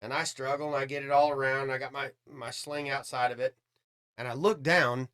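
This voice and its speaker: This is a podcast guest, a man whose smooth, medium-pitched voice moves fairly quickly. He's casually spinning a long story, swearing freely and acting out what people said in animated, quoted dialogue.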